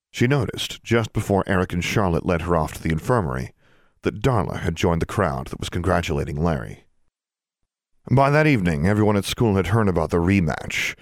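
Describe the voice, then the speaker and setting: A man narrates a fantasy novel in a low, deep voice with a steady storytelling rhythm. The recording is dry and close, with no room echo. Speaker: audiobook narrator. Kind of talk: scripted narration.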